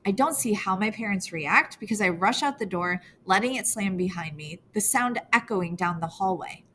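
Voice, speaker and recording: A woman's voice: medium pitch, lively intonation, moderate pace, a bit bright, a little hiss or hum. Woman narrating a teen girl's story. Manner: earnest, emotional first-person reading. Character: teenage girl telling her own story. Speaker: audiobook narrator. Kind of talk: first-person novel narration.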